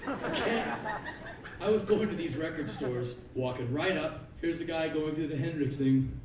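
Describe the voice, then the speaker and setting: A man in his early thirties giving a live spoken word monologue on stage, ranting in sudden shouted bursts of rage. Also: on the high side, moderate pace. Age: early 30s. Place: music club on stage. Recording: echoey club from far off, crowd noise. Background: audience laughter.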